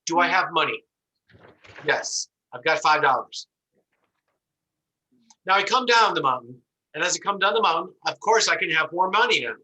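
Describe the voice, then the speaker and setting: A man lectures to an online class through a computer microphone. His voice is sharp and bright and sits a little high. He tells an animated story and acts out the voices in it. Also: normal speed, long pauses, low-quality recording. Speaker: instructor.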